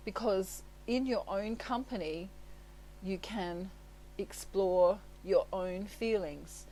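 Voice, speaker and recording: A chatty woman talks through a tarot reading at a middle pitch, like a relaxed one-on-one chat. She sounds reassuring, often breaks into laughter and keeps checking in with little tags. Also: slow pace, slight background noise, rough recording. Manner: leans on tags like "right?" and "you know". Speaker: tarot reader. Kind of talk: casual spoken tarot reading.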